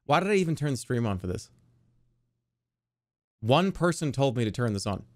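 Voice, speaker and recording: A man chatting casually on a livestream, rambling and incredulous, quick to get worked up. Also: mid-range voice, sing-song, darkish tone. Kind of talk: casual stream chat.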